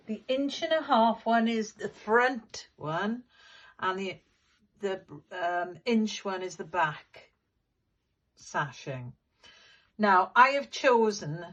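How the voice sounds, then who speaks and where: A middle-aged woman giving a patient, step-by-step sewing demonstration as a quilting teacher. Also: mid-range voice. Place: sewing room at a machine.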